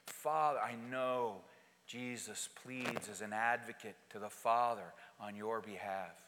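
A male pastor delivers a sermon to his congregation at an unhurried, deliberate pace. He leans on emphatic, repeated phrases. His voice carries a long reverb tail from the church sanctuary around him. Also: on the low side, a little hiss or hum.

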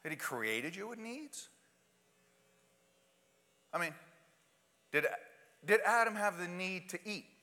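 A man preaching with a high, bright voice that rings through a large hall with long reverb. He swings between loud, urgent passages and hushed asides, and acts out quoted prayers and pleas. The sound is a sermon echoing through a church space. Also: big pitch swings, slow pace, pauses often.

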